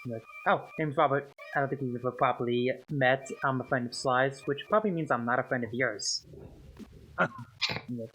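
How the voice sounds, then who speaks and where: A man's voice: medium pitch, fairly quick, a bit bright, slightly rough, faint music behind, low-quality recording. A man running a tabletop game as game master, narrating scenes and slipping into character lines between laughs, recorded over a voice call. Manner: laughing, voicing characters in passing.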